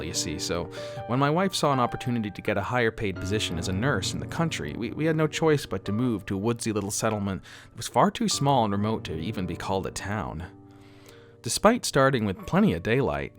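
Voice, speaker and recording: Lively low-voiced male horror narrator. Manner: dramatic, wry first-person telling. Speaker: storyteller.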